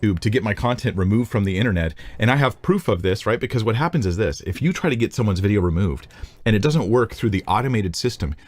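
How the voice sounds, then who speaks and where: A man's voice: lowish voice, expressive, fast, dry recording. A male YouTuber explaining a process step by step to his viewers. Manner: methodical, explanatory.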